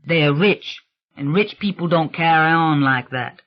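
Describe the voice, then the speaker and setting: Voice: medium pitch, a little slow, dull audio, natural voice. An audiobook reader voicing a proper wife who answers in a prim, matter-of-fact way. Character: proper wife, dismissive of gossip.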